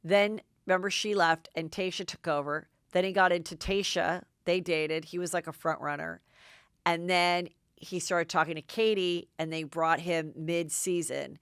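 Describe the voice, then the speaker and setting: A middle-aged woman hosting a podcast, recapping gossip in an excitable, chatty way with lots of "like". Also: on the low side, moderate pace, clean tone, dry recording, studio quality. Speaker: podcast host. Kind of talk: casual gossip commentary.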